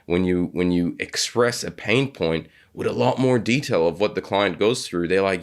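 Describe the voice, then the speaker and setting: A man hosting a podcast interview, talking in a halting way with many restarts and repeated words. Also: deep voice. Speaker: podcast host. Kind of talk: casual interview chat.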